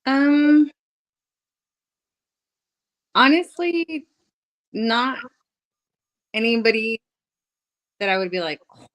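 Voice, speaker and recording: A woman's voice: on the high side, lively intonation, very slow, pauses often, a bit bright, poor audio. Chatty woman guest on a podcast. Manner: chatty, many fillers like "like". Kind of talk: casual chat.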